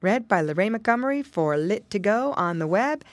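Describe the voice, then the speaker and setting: Brief: woman narrator for a children's audiobook, lively sing-song delivery, dry close sound. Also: mid-range voice, moderate pace, no echo. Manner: expressive, sing-song storytelling. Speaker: audiobook reader.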